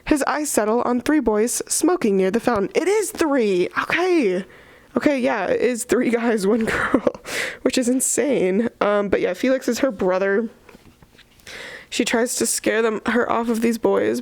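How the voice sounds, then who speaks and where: A woman's voice: on the high side, normal speed, gravelly, no room sound. A young woman giving casual, sarcastic book commentary, chatty and full of fillers. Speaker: book reviewer.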